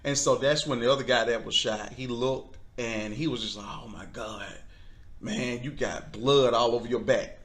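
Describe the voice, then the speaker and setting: A man telling a personal faith testimony in conversation, earnest and halting, with frequent restarts. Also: medium pitch, fairly even intonation, a bit bright. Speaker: guest.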